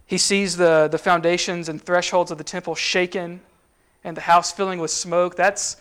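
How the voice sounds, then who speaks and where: A man's voice: high-pitched, steady tone, moderate pace, fairly bright tone, clean tone. A man teaching a sermon in a conversational way, with frequent fillers and restarts. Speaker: preacher.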